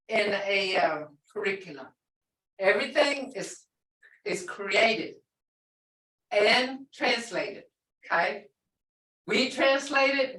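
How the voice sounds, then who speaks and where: A woman's voice: medium pitch, sharp tone. A woman language teacher in a classroom lesson, explaining words patiently and repeating phrases. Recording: echoey room, voice from far off.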